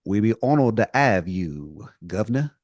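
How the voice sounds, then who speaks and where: A man's voice: medium pitch, very slow, darkish tone, no room sound. Man doing a shady fake-English recruiter. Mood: salesy. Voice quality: overdone, wobbly English accent. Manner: chummy, salesy, calls the listener governor and mate.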